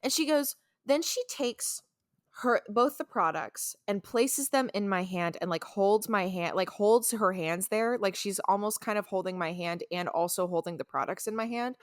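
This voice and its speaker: A young woman, a podcast co-host, chatting casually and telling a work story in an animated way. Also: medium pitch, moderate pace. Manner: animated storyteller, acts out quoted voices.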